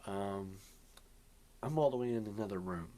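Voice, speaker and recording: A young man records a loose, rambling vlog alone in his bedroom. His voice sits slightly low, and he drifts from thought to thought, filling gaps with ums and the odd yawn. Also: normal speed, dark tone. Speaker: vlogger. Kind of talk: rambling casual vlog chat. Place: bedroom at home.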